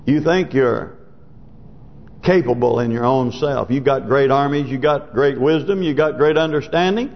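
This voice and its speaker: A man preaching a sermon, reading scripture in old wording and then explaining it in plain talk, rising to emphatic peaks. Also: a little high. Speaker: pastor. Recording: dull lo-fi sermon recording.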